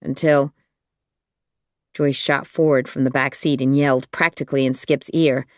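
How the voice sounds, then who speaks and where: An audiobook narrator reading a thriller in an even, measured storytelling manner. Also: mid-range voice, no room sound, studio quality.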